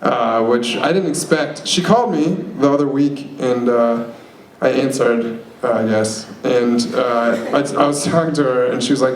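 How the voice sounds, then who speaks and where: A man's voice: mid-range voice, a little slow. A young man performing a stand-up set at an open mic, rambling and self-deprecating with lots of fillers. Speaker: stand-up comic. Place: open mic comedy venue. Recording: echoey room, noisy live venue.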